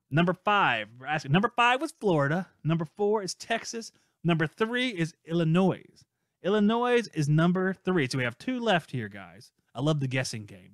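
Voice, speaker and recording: A man hosting a live call-in podcast, chatty and playful as he reads out listener messages. His voice sits a little high for a man. The sound is close and dry, with no room echo. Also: fairly bright tone. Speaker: podcast host. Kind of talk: casual live-stream podcast chat.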